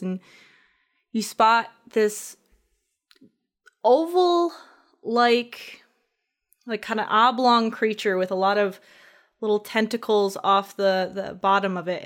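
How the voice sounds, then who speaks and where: A woman running a tabletop game as game master, describing scenes in a relaxed, rambling way. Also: medium pitch.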